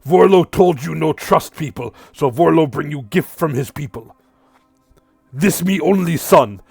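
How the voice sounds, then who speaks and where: A man voicing a small, spiky, muscular male creature messenger who speaks slow, broken English. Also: fairly high pitch, animated, creaky, a little mellow, husky, dry recording, soft background music, pitched above the performer's own voice, heavily acted. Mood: earnest.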